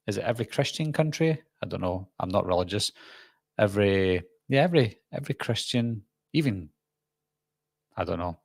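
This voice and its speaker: A man's voice: on the low side, dry recording, studio quality. A middle-aged man with a Glaswegian Scottish accent, hosting a casual live-stream Q&A and chatting about viewer comments as he reads them. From Scotland. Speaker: host.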